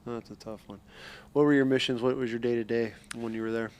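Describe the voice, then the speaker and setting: A man's voice: mid-range voice, steady tone, fast talker, a little mellow, clean tone. A man hosting a podcast interview, telling rambling, profane stories with many restarts. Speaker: podcast host. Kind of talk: casual interview chat.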